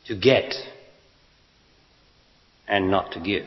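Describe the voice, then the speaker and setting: A man's voice: lowish voice, lively intonation, slow, pauses often. A man giving a spiritual talk to an audience, blunt and emphatic, asking rhetorical questions. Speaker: spiritual teacher. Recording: lo-fi echoey hall.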